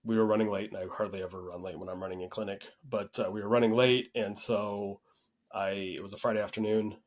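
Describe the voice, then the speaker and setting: A man hosting a podcast, telling a story in a relaxed, rambling way with frequent restarts. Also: fairly low pitch, fast talker. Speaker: podcast host. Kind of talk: casual conversational storytelling.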